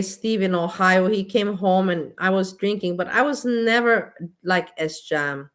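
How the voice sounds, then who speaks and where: A woman's voice: medium pitch, a bit bright. A woman vlogger with a delivery holds forth in a casual, exasperated rant. She is blunt and keeps repeating herself, in an everyday mid-range voice. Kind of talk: casual ranting monologue.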